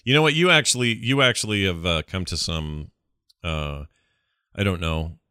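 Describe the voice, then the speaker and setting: A man co-hosting a casual gaming podcast, his low voice bright and forceful. He rambles easily, full of fillers and restarts, recorded close and dry. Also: moderate pace, smooth, no room sound. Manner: relaxed, rambling, many fillers. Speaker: podcast co-host. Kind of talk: casual chat.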